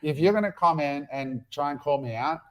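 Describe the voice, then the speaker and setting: With a voice on the high side and a fairly quick delivery, this middle-aged Australian co-hosts a podcast. The chat is casual and animated, full of free swearing and acted-out quotes.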